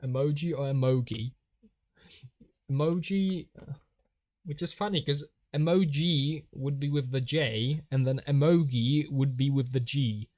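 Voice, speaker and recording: Young Polish-accented male streamer, slow, laughs constantly, dry close sound. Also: medium pitch, a little mellow, no room sound, muffled recording. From Poland. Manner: giggly, laughs often, reads out chat. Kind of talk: casual live-stream chat while drawing.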